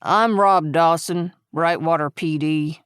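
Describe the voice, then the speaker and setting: A woman voicing a steady, plain-spoken small-town male police officer, terse and earnest, with a put-on Southern accent. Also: sits low, slow, clear, resonant tone, no room sound, clean studio sound.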